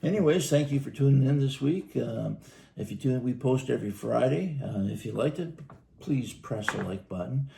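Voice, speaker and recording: A man's voice: medium pitch, expressive, moderate pace, vocal fry, mellow, a little hiss or hum. A man, co-hosting a podcast and telling firehouse stories in a rambling, chuckling way. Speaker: podcast co-host, firefighter telling station stories. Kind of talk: casual storytelling chat.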